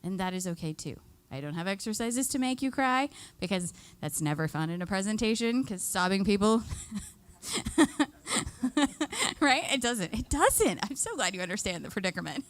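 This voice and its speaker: A woman's voice: medium pitch, lively intonation, moderate pace, pauses often. A woman giving a live workshop to seniors, chatty and upbeat, leading the group through exercises and laughing often. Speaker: extension educator.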